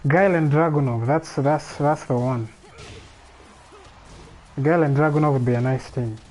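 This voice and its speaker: Alone on a casual livestream, a man thinks out loud, rambling and frequently starting his sentences over. His voice is on the high side with a darkish tone at normal speed, picked up by a streaming mic in a rough recording.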